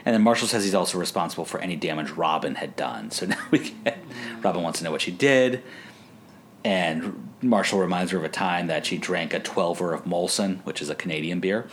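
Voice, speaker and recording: A man's voice: sits low, a little fast, slight background noise. A man co-hosting a podcast, chatting casually as he recaps a TV episode, laughing and acting out quotes in funny voices. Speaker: podcast co-host.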